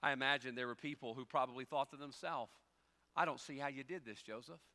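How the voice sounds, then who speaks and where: A man preaching a sermon as pastor, folksy and conversational, moving between quiet storytelling and loud, rising exhortation. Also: medium pitch, quick pace.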